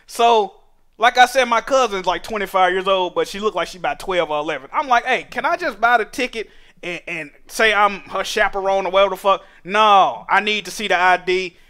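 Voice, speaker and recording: High, bright-voiced young man ranting. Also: a little fast, clean tone. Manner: profane, animated, rising to exasperated shouting. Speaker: streamer. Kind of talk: casual storytelling rant.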